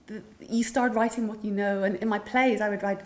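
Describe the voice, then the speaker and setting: A woman's voice: mid-range voice, steady tone, brisk. A middle-aged woman writer from Northern Ireland speaking reflectively at a literary event, with frequent ums and restarts. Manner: thoughtful, many ums and restarts, storytelling. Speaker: writer and anthology editor.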